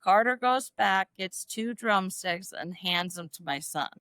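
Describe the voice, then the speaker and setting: A woman's voice: a little slow, dry recording. Emotional middle-aged woman telling a story. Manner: animated storyteller, acts out quoted dialogue in a higher voice; emotional, self-described crier. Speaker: podcast guest. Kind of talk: casual storytelling interview.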